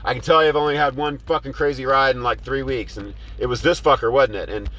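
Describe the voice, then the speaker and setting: A man's voice: mid-range voice, fast talker, low-quality recording. A man who drives for rideshare apps, telling a profane story from his car and acting out heated arguments in a raised voice. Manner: animated, swearing, acts out heated quotes in a raised voice.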